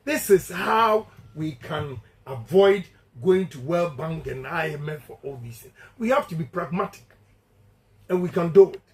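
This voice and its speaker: Ghanaian guy giving a campaign speech, high voice, hammers his points over and over, drops into twi. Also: expressive, measured pace, rough recording. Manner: emphatic, repetitive and declamatory; switches between English and Twi. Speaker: politician addressing supporters.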